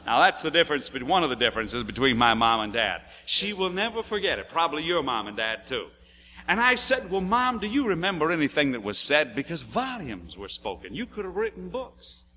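A man preaching a sermon, moving between hushed, low passages and loud, emphatic ones as he tells a story from his youth. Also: very animated, fairly quick. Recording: echoey hall with long reverb.

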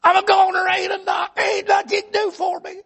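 A man's voice: extremely high pitch, flat delivery, fairly quick, creaky, fairly bright tone, shouting, pitched above the performer's own voice, full character voice. A man voicing a whiny mountain man who moans that he is dying. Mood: wailing. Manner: wailing, moaning, melodramatic.

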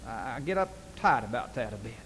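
A man's voice: medium pitch, lively intonation, fairly quick, fairly bright tone. A man preaching a sermon, telling stories earnestly and building to emphatic questions. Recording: distant reverberant hall with faint hiss.

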